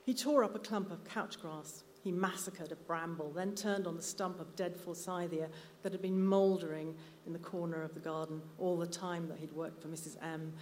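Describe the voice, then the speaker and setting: A lower-pitched woman reads her story aloud, measured and unhurried. The reading echoes through a reverberant hall, with faint room ambience behind. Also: fairly even intonation, darkish tone, a little hiss or hum. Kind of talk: live literary reading. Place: live literary night venue.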